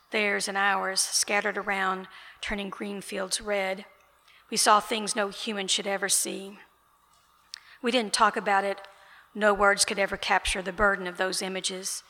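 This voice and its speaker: An author reading her novel aloud at an indoor event, in a steady, even reading voice. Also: mid-range voice. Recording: reverberant event room.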